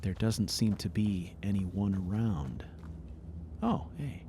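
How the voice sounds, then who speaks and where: A man hosting a let's play, chatting casually over his gameplay, swearing freely and breaking into sudden excited outbursts. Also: fairly low pitch, slow pace, pauses often, background noise.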